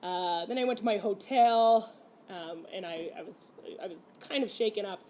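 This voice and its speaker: A young French-Canadian comedian appearing as a guest tells a personal story casually in a mid-range voice at a moderate pace, with a little hiss or hum on the recording. She's animated, laughs, and acts out lines she once said.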